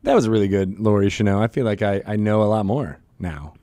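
A man's voice: lowish voice, fast talker, dark tone, dry recording. A man co-hosting a casual podcast, bantering in a jokey, rambling way with lots of fillers and frequent laughs, recorded on a close studio mic. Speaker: podcast co-host.

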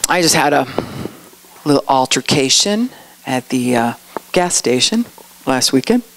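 A woman's voice: a bass voice, a little slow. A middle-aged woman giving a conversational sermon, telling stories and acting out quoted lines. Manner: storytelling, acts out quotes with animated voices. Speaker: speaker at a church outreach.

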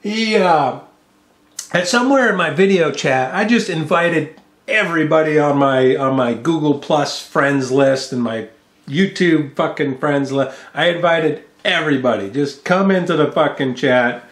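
A man's voice: a little high, measured pace, fairly bright tone. Ranting, cursing man in an echoey room. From United States. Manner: angry, cursing, mocking. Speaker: vlogger. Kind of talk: profane ranting vlog. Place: home. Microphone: studio microphone with mixing board.

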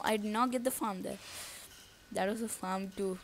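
Her voice is mid-range and gravelly, steady in tone at a moderate pace. A gaming YouTuber, she narrates her own play live and casually, musing aloud, letting out nervous outbursts, and chatting to viewers in slang.

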